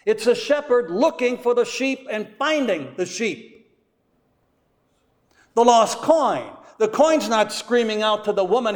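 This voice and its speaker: A man preaching a sermon as pastor, slow and deliberate, leaning hard on key words. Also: extremely high pitch, lively intonation, big-room sound. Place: church.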